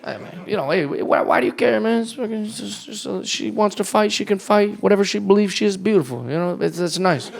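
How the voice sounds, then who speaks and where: A man's voice: sits high, a little fast, creaky, few pauses. A man in his thirties doing a stand-up comedy set, with a loose, rambling delivery and acted-out voices, recorded live on a club stage with a handheld mic. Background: audience laughter.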